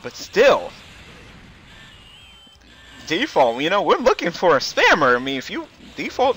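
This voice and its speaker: An excitable man commentating a fighting game match, with a bright, forward voice. His pitch jumps around freely as he reacts to the action. He rambles and chuckles between calls. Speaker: gameplay commentator.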